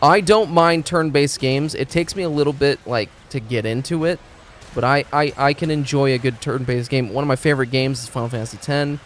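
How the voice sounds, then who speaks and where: A man's voice: mid-range voice, brisk, a little hiss or hum. A man streaming games in a rambling, profane chat, stumbling over his words and restarting sentences. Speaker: game streamer. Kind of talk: casual live-stream chat.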